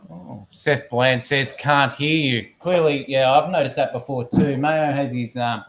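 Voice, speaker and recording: The man talks unhurriedly at a medium pitch into a computer microphone. Guest co-hosting a live stream, he chats casually, meanders, makes fun of himself and reads viewers' messages aloud.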